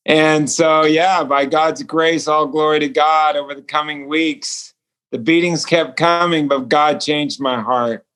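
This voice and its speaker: A man's voice: on the high side, steady tone, a little slow, fairly bright tone, clear, resonant tone. A male author and speaker telling a personal story as a guest over a remote call, earnest and acting out the dialogue. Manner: earnest, acts out quoted dialogue. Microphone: remote call connection.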